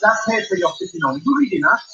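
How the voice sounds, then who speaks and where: High, lively comedian doing crowd work. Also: male voice, fast talker, muffled recording, background noise. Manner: banters with the audience, mimics regional accents. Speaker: stand-up comedian.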